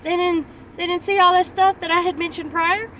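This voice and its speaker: A woman's voice: very high voice, fairly even intonation, fairly quick, pushed and bright, recorded from a distance, a little hiss or hum, voice pushed up. A woman voicing God as angry and exasperated with his people, in an indignant, rising outburst.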